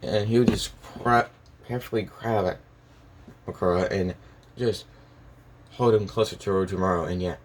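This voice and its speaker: A man's voice: low voice, steady tone, moderate pace, pauses often, slight background noise. A man telling a made-up fan story in a casual, rambling way, with constant fillers and restarts.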